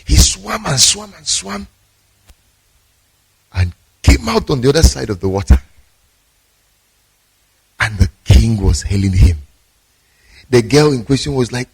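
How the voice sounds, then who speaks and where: A male pastor delivers a sermon with emphatic storytelling. His voice sits at an ordinary middle pitch for a man. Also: sing-song, unhurried, long pauses, a little mellow, breathy edge.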